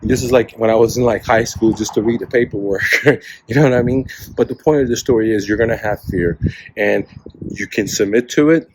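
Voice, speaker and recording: A man's voice: fairly low pitch, brisk, slight background noise, rough recording. A man in his forties, a real estate coach, giving a blunt, profanity-laced motivational talk packed with "man" and "bro". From refugee to the US. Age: 40s.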